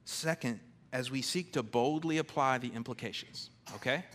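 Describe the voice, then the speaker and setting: A man preaching a sermon in a conversational, emphatic way, swinging from loud declarations to hushed, intimate lines. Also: mid-range voice, normal speed. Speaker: pastor.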